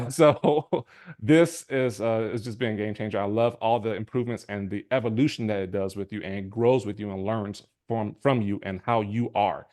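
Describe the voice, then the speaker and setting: Low-voiced guy sharing his story on a call, relaxed, kinda halting, chuckles here and there. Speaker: guest giving a testimonial. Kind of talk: casual online testimonial.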